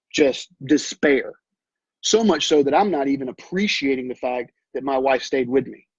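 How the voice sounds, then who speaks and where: A middle-aged man telling his personal story in an earnest, halting way, with many restarts. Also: mid-range voice, darkish tone, breathy edge, no room sound. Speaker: realtor. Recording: dull, muffled sound.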